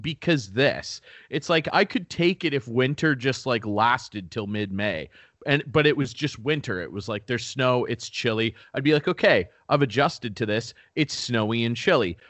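A man's voice: mid-range voice, lively intonation, moderate pace, fairly bright tone, dry recording. A young man from Canada co-hosting a podcast, ranting in casual chat and swearing freely. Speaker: podcast co-host.

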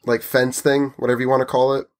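Animated man telling a story. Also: mid-range voice, fast talker. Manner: animated, acts out the people in his story. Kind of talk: casual storytelling chat.

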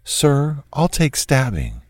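A man's voice: medium pitch, huge pitch swings, slow, darkish tone, no room sound, studio quality, voice pushed up, full character voice. A man voicing a frightened, submissive young woman with a timid, pleading, apologetic manner, in a read-aloud true crime story. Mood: fearful pleading.

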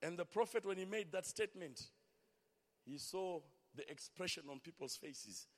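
A man preaching an impassioned sermon, sing-song and swelling to shouts, calling for amens. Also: high-pitched, lively intonation, moderate pace, in a large hall.

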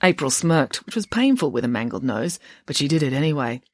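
Woman reading an audiobook, lowish voice, expressive, dry close sound. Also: brisk, dry recording. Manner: lively, expressive storytelling. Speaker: audiobook narrator. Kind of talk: audiobook reading of a children's novel.

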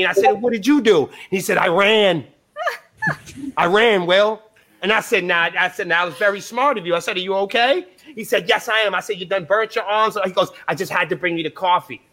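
A man's voice: high-pitched, fairly bright tone. A man telling a long profane story on a podcast, acting out both sides of the dialogue. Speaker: band member guest. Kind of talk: casual storytelling. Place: live podcast interview.

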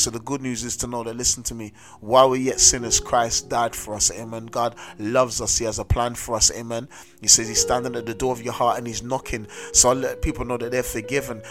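A man's voice: medium pitch, fairly even intonation, fairly quick. Guy preaching, keeps saying amen and listen to me, music playing under him. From South London. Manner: emphatic, repeats "amen" and "listen to me". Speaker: host and street preacher. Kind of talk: sermon-style testimony.

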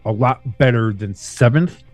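A man's voice: medium pitch, measured pace, no room sound. A man hosting a laid-back sports podcast in a loose, profane way, his voice jumping up for emphasis. He sits close to a dry microphone. Faint music plays underneath. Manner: loose, profane, animated banter. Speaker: podcast host. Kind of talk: casual sports chat.

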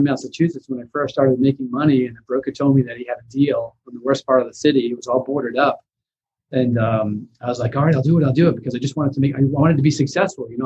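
Husky male investor guest, animated storyteller, raised pitch, dull lo-fi sound. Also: fast talker. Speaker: real estate investor guest. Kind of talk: casual storytelling interview.

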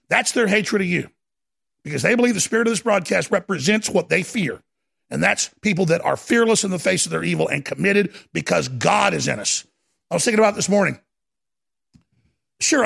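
Fiery gravelly-voiced male talk host. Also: sits high. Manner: impassioned, preacher-like, bursts into shouting. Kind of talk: fervent talk radio monologue.

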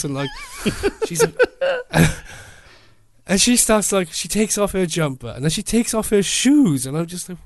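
A man, a photographer telling a lively story in casual chat and laughing often. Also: on the high side, unhurried, no echo. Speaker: photographer guest.

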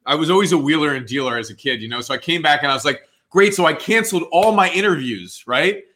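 A man in his forties with a New Jersey accent tells his story as an interview guest. His voice is bright and forceful, and he jumps into the voices of the people he quotes. He talks loosely, with plenty of "dude" and "man.". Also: fairly high pitch, quick pace. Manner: animated, acts out quoted dialogue, says "dude" and "man". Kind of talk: casual storytelling.

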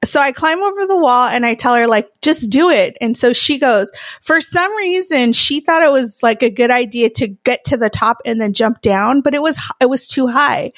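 A woman's voice: sits high, no room sound, studio quality. Swearing, laughing woman telling a story. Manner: swears freely, laughs often, acts out quoted voices. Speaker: podcast co-host. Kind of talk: casual storytelling chat.

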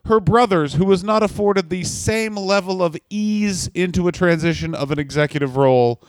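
A man co-hosting a comedy podcast, trading wry deadpan asides and explaining backstory at length. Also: sits high, normal speed, dry recording. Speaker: podcast co-host. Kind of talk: casual comedic podcast chat.

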